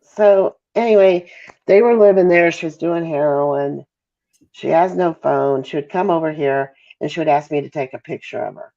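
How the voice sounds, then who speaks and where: Halting Midwestern mother, gravelly and lo-fi. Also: low-pitched, mellow. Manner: halting, apologizes and loses her thread. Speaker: interview guest, mother. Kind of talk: emotional interview over a call. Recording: dull, lo-fi call audio.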